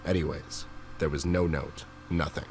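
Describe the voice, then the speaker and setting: A gruff teddy bear detective from a video game, talking in an extraordinarily deep, rumbling voice. He asks blunt, plain questions. A steady hiss runs under the recording. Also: moderate pace. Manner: blunt, matter-of-fact questioning.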